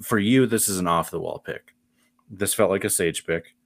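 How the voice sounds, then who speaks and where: Tired, very low-voiced man, rambling podcast co-host, dry close mic. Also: moderate pace, creaky, no echo. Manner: rambling, filler-heavy. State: worn-out, tired voice. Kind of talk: casual chat.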